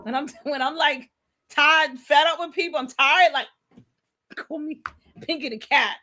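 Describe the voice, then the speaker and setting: Woman co-host, high bright voice, casual slangy recap chat. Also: unhurried. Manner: animated, laughing, slangy retelling.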